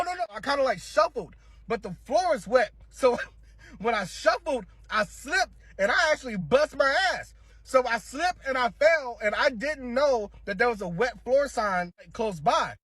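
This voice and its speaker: A man with a very high voice tells a comic personal story, animated and laughing along. The recording is dry and close, with no room sound. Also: dry recording. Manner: animated, laughing through his own story.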